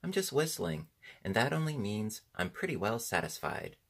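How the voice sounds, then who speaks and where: A man's voice: lowish voice, very animated, vocal fry, a bit bright, husky, heavily acted. A man voicing a practical, cheerful young boy who reassures his companions in a storybook reading. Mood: reassuring. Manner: brisk, reassuring.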